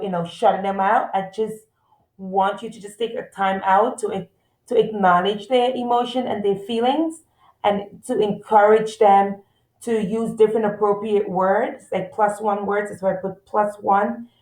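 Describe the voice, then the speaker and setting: Fast-talking woman presenting slides, echoey room. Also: medium pitch, darkish tone. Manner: fast-talking, trying to slow down. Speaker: school support presenter for parents.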